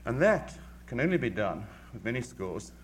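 A man, a music critic, giving a measured, articulate lecture with dry wit. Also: medium pitch, very animated, a little hiss or hum. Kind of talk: formal lecture.

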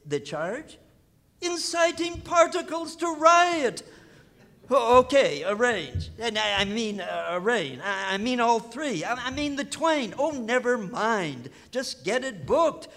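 A frazzled cosmic official in an old rhymed radio play. His voice sits high and leaps all over the place, fussing and fretting at an unhurried pace. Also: sing-song, exaggerated voice. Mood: fretful. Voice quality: fussy, fretful, theatrical. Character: flustered cosmic official, fussy middle-aged man. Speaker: vice president in charge of physiochemistry.

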